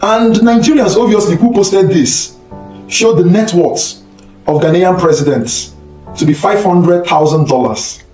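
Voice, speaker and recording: A man's voice: high voice, measured pace, a little mellow, roomy sound, faint music behind, poor audio. A man delivering a ranting online commentary, mocking and breaking into scornful laughter.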